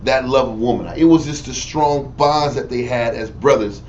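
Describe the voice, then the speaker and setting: A man's voice: mid-range voice, normal speed, muffled recording. A man leading a casual group Bible study, talking in slang and commenting on scripture readings. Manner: loud, laughing storytelling, slangy. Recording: distant mic, faint noise.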